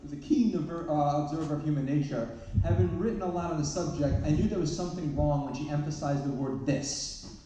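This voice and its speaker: In a large, echoey event hall, a man who works as a therapist and parenting speaker jokes at his own expense through a series of stories. His fairly high, mellow voice moves quickly; a distant mic adds slight hiss or hum.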